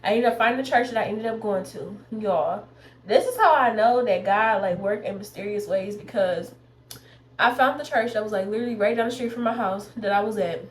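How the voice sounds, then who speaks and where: A woman's voice: medium pitch, a little fast. Chatty young woman in an echoey room. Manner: chatty, rambling, addresses viewers as y'all. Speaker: beauty vlogger. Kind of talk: casual chat while doing makeup. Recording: echoey room with faint noise.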